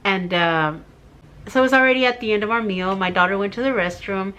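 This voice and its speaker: A middle-aged woman shares a heartfelt personal story with her viewers, her voice tearful as she goes. She rambles with fillers in a mid-pitched, casual way, speaking straight to camera. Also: a little fast, a bit bright, muffled recording, slight background noise. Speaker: vlogger.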